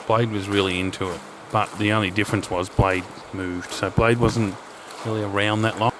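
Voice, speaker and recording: Walking along a storm drain, this Australian channel host and urban explorer spins casual, wandering tales, cursing freely and drifting off on tangents. He speaks at a moderate pace in a steady, lowish voice over a noisy background.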